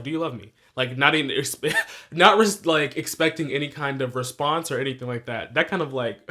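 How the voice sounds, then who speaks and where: A man's voice: mid-range voice, bright, forceful tone. A young man hosting a music podcast, talking loosely and profanely, correcting himself often and laughing at his own points. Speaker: podcast host reviewing new music. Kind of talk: casual solo music review.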